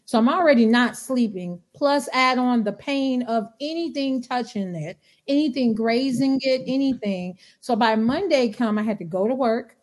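Woman podcast guest, fairly high voice, lively storyteller who acts out quotes. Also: normal speed, hardly any pauses. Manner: animated storyteller acting out quotes. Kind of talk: casual chat.

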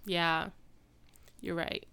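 A woman's voice: fairly low pitch, little pitch movement, extremely slow, sharp tone, clean tone. A woman co-hosting a podcast in casual chat, giggly and chiming in to build on the story. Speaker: podcast co-host.

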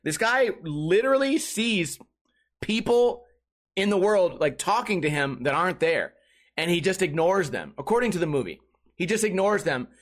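A man's voice: sits high, big pitch swings, moderate pace, fairly bright tone. A man rambling casually through a podcast monologue, swearing and joking about movies. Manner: rambling, profane, jokey movie talk. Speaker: podcast host.

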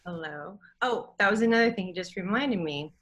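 A middle-aged woman with a bright, clear voice tells a story in casual podcast chat. Her telling is emotional and rambling, and she circles back over her own words. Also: fairly low pitch, low-quality recording.

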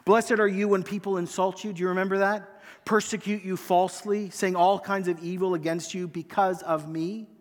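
A man preaching a sermon as pastor, acting out quoted lines with emphasis and letting phrase ends fall quiet. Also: sits high, flat delivery, normal speed. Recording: long hall reverb.

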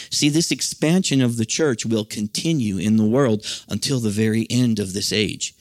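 A man's voice: fairly low pitch, normal speed, few pauses, no echo, studio quality. An American man preaching a sermon in an earnest, conversational way, full of "you know" and restarts. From United States. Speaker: pastor.

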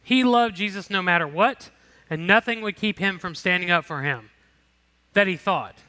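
A man's voice: sits high, normal speed, sharp tone. A man leading a Bible lesson, reading scripture aloud and commenting in a casual, conversational way. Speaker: Bible study teacher.

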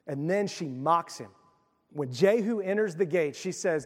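Middle-aged guy pastor preaching, high voice, chatty and emphatic, reverby church hall. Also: big pitch swings, moderate pace. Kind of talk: sermon.

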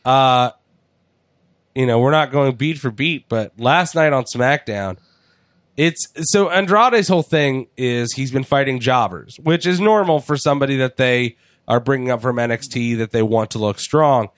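A man's voice: mid-range voice, normal speed, no room sound, clean studio sound. A man hosting a podcast, chatting casually and profanely with jokes, often acting out other people's lines. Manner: profane, jokey, acts out voices. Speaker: podcast host. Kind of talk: casual wrestling chat.

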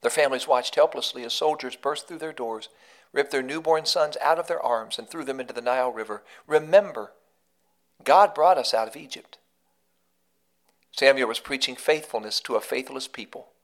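A man's voice: mid-range voice, brisk. A man hosting a devotional podcast, telling a story in an earnest, emphatic way that leans on repetition. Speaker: podcast host and devotional speaker.

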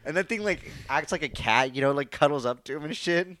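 A man's voice: fairly high pitch, animated, a little fast, fairly bright tone. A young man co-hosting a casual podcast in his garage, easygoing, laughing often and leaning on fillers like "like". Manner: laid-back, laughs often, filler-heavy. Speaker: podcast co-host. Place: home garage.

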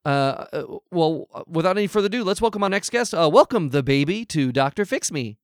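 A man's voice: sits high, lively intonation, quick pace, dry recording, studio quality. A man playing the host of an advice show, stammering and hesitant but trying to stay polite, in an improvised comedy. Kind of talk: improvised comedy role-play.

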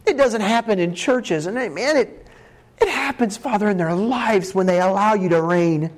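A man in his twenties preaching an altar call, impassioned and pleading, moving between hushed appeals and urgent outbursts. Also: sits high, moderate pace. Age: 20s.

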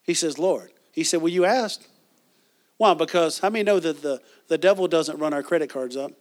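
A man's voice: on the high side, moderate pace. A man preaching a sermon as pastor, reading scripture and asking the congregation questions, with frequent restarts.

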